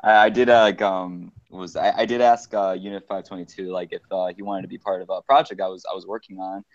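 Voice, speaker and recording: A man with a lowish voice tells a story in a casual group chat, stumbling over fillers and laughing as he goes. His mic sounds dull and lo-fi, and very dry. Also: little pitch movement, dry recording. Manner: halting, laughs often, filler-heavy.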